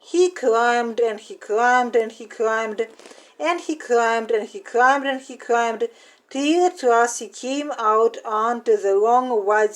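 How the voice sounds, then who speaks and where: A woman reading a fairy tale aloud, slow and deliberate, savoring the repetitions. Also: fairly high pitch, rough recording. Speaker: storyteller.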